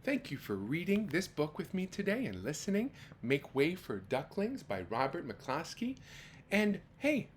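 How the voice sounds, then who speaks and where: A man reads a children's storybook aloud in a warmly animated, sing-song way, with a voice that rises and falls widely. He pauses to gasp, exclaim and ask his young listeners questions. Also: on the high side, slight background noise. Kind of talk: reading a picture book aloud to children.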